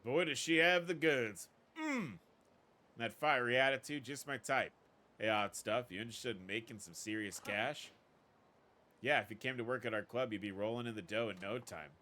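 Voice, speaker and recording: A man's voice: medium pitch, normal speed, pushed and bright, lightly acted. A man voicing cocky, sleazy male club touts who push women with leering come-ons.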